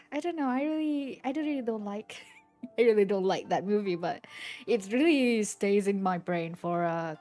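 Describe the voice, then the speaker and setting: A young woman talks to her stream viewers in a slow, hesitant ramble, circling back and restarting her sentences. Her voice sits a little high, and faint music plays quietly behind her. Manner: halting, rambling retelling with many restarts. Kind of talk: casual chat to stream viewers.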